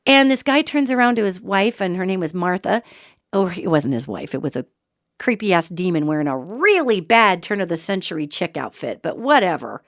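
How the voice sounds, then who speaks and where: A woman hosting a podcast, telling a story in an animated, colloquial way with joking asides. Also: fairly low pitch, normal speed, dry recording, clean studio sound. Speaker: podcast host. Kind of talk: storytelling, casual talk.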